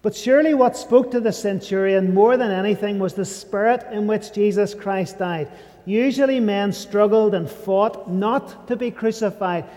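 A man preaching a sermon, emphatic and dropping to a hushed voice on key phrases. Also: sits high, moderate pace. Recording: long reverb of a large hall.

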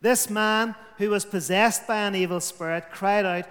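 A man's voice: high voice, steady tone, moderate pace, hardly any pauses, a bit bright, big-room sound. A man preaching a sermon, emphatic, his volume rising and falling.

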